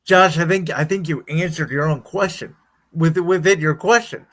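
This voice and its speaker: A man's voice: on the high side, normal speed, fairly bright tone. A man co-hosting a casual sports podcast, his voice weakened by illness, talking with hesitant restarts but firm opinions. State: weak voice from illness. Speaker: podcast co-host.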